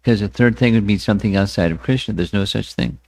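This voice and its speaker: A man teaching a scriptural class, speaking deliberately, often repeating words and chanting verses with his listeners. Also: lowish voice, darkish tone, no echo. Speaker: spiritual teacher. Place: temple hall.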